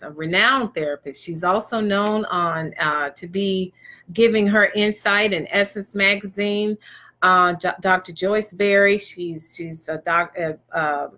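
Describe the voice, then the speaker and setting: A woman's voice: medium pitch, fairly bright tone. A woman giving a motivational talk, emphatic and preachy, pressing her points with rhetorical questions. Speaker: motivational speaker.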